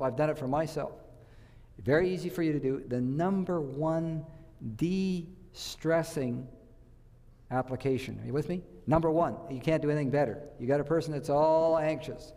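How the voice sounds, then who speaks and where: A man's voice: medium pitch, dark tone, long reverb tail. A man giving a health talk to a church audience, telling stories and quizzing his listeners. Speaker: health speaker.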